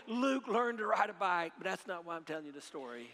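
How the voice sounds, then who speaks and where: Middle-aged male preacher, high tenor, animated storyteller, church reverb. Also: brisk, few pauses. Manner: animated storytelling, swings from hushed to loud; repeats phrases, leads audience call-and-response. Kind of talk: sermon. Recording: long hall reverb.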